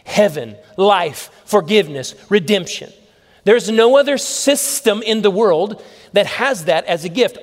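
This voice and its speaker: High-voiced preacher in a reverberant hall. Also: male voice. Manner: emphatic, repeats phrases and asks the audience questions. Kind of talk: sermon. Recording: long reverb of a large hall.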